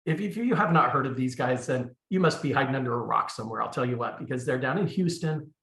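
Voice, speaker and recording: A man hosting a coaching call, delivering an energetic pep talk and introducing his guests. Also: medium pitch, fast talker, creaky, echoey room. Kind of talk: video call interview.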